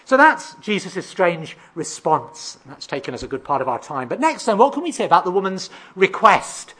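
Husky preacher going verse by verse, lots of rhetorical questions, the odd uh. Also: mid-range voice, big pitch swings, normal speed, sharp tone. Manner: expository, asks rhetorical questions, reads out verses; occasional hesitant fillers and restarts. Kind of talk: sermon.

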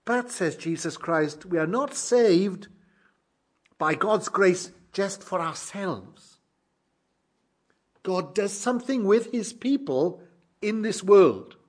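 A man preaches a sermon with a husky, somewhat breathy edge to his voice. His pitch sits a little high for a man. He speaks in a measured, emphatic way, drawing out key phrases. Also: expressive.

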